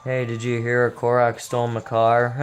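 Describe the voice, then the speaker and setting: A man's voice: medium pitch, completely flat delivery, moderate pace, a little hiss or hum. A young man giving casual, rambling and profane gameplay commentary, sleepy and joking as he plays. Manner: tired, rambling, jokey and profane. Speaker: gameplay streamer.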